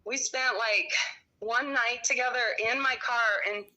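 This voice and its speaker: A middle-aged woman tells her story in a rambling, heated way, with profanity scattered through her speech. Her voice sits a little high and cuts through with a bright, sharp edge. The recording sounds dull and lo-fi. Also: steady tone, a little slow. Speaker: storyteller recounting her own experiences. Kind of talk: casual conversation.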